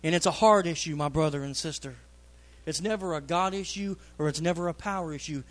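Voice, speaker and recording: A man delivers a fervent sermon in a church. His voice sits high for a man. He hammers key lines by saying them twice. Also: a little fast. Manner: fervent, repeats phrases for emphasis. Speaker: preacher.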